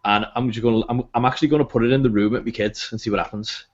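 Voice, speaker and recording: Male host, chatty and jokey, mid pitch, muffled call audio. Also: fairly even intonation, very fast. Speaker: podcast host. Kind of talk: casual chat. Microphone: video call.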